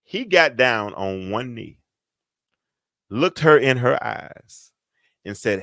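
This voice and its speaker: A man's voice: mid-range voice, lively intonation, unhurried, pauses often, sharp tone, no echo, studio quality. A middle-aged man, a preacher and host, delivering a sermon with an emphatic, repetitive cadence. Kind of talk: livestreamed sermon.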